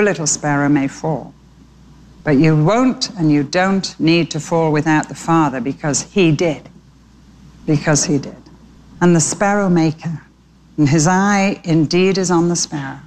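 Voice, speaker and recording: A woman's voice: deep voice, measured pace, darkish tone, a little hiss or hum. A woman preaching by telling a story and appealing directly to her listeners. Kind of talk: storytelling sermon.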